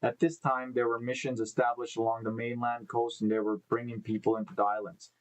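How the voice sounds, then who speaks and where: Male host, live stream, casual news reading, stumbles over names, thinks out loud, mid pitch. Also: little pitch movement, fairly quick, poor audio. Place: indoor room with live beehives.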